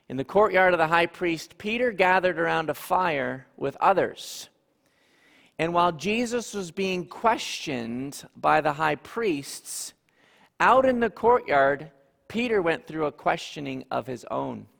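A man preaching a sermon, telling the story slowly and earnestly with dramatic pauses. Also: sits high, vocal fry, a bit bright. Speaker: pastor. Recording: long hall reverb.

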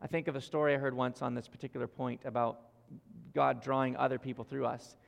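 Gravelly pastor in a reverberant hall. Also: male voice, mid-range voice, level tone, fast. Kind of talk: sermon.

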